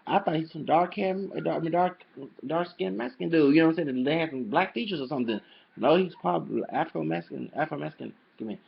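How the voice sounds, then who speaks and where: A man's voice: a little high, animated, fast, gravelly, a little hiss or hum. A man talking casually to camera in a rambling, emphatic monologue, often repeating his phrases. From El Paso, Texas. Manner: rambling, emphatic, repeats "you know what I'm saying". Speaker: vlogger. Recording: dull lo-fi home video audio.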